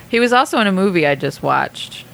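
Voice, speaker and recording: A woman in her thirties in casual chat, an animated storyteller who swears freely and laughs often. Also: medium pitch, normal speed, vocal fry, crowd noise.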